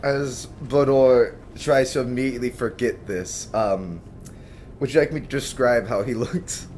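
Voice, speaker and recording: A man's voice: mid-range voice, unhurried, a little mellow, a little hiss or hum. A man playing a tabletop game, rambling through his character's description with lots of likes and ums. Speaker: player. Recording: faint music behind.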